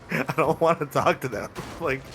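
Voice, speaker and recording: A man's voice: on the high side, unhurried, over music. A young man co-hosting a podcast, telling crude stories and laughing often in casual chat. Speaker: podcast co-host.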